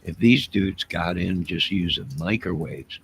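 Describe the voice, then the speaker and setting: Late at night, a man wearing headphones at a desk mic rambles loosely to his live chat, talking straight to his viewers and getting defensive. His voice is low-pitched and a little slow with vocal fry, over slight background noise.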